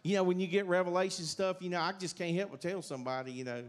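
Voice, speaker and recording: Middle aged southern guy telling his church testimony, kinda high pitched, rambly and folksy with lots of fillers. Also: fairly even intonation, fast talker. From South Carolina, USA. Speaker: church speaker giving testimony. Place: church sanctuary.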